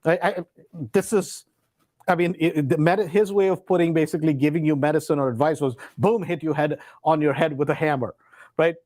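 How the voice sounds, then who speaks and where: A man's voice: on the high side, steady tone, fairly quick, a little mellow, no room sound. Man telling a rambling story. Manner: rambling, many fillers and restarts, acts out quotes. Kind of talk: casual storytelling.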